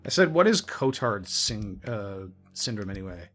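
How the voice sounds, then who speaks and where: A man's voice: on the low side, sing-song, moderate pace, a bit bright, faint music behind. A man playing the game and narrating his moves in casual gaming commentary, often chuckling.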